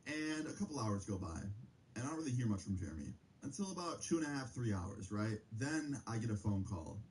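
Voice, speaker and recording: A man's voice: medium pitch, sing-song, brisk, darkish tone, slight background noise, poor audio. A young man casually telling a personal story on a live stream, full of slang and filler words. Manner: casual, slangy, lots of "like" and "bro".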